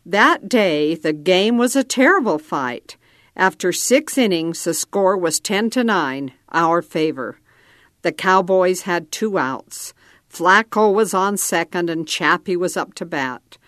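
A woman reads a story aloud in a calm, measured way. Her voice sits fairly low and moves slowly, and the recording is close and dry. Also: no echo. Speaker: narrator. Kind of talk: scripted narration.

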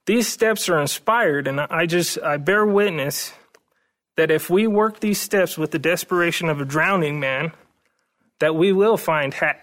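A man giving a personal recovery testimony at a meeting, earnest and halting, often repeating words as he goes. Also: fairly high pitch, a bit bright.

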